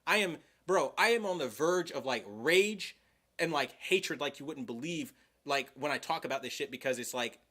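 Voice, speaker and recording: A man's voice: a little high, expressive, normal speed, sharp tone. Heated, rambling young man. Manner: heated, profane, rambling with many "like"s. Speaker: livestream host. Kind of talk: casual livestream chat.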